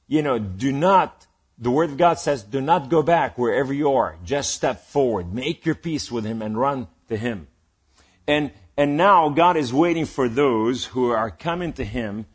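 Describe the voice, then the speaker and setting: A man's voice: medium pitch, breathy edge. A man preaching a sermon in a rambling, emphatic way, building to calls to the listeners. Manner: rambling and emphatic, rising to exhortation.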